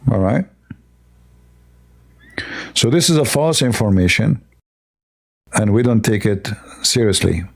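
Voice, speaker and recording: A man's voice: on the low side, lively intonation, slow pace, gravelly, long pauses. A man hosting a livestream, talking in broken, non-native English, rambling and sarcastic. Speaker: livestream host. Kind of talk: casual livestream talk.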